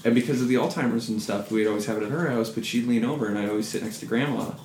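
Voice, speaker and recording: A man's voice: mid-range voice, rapid-fire, darkish tone. A man casually telling a profane, self-deprecating story, now and then mimicking people's voices. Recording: echoey room with faint noise.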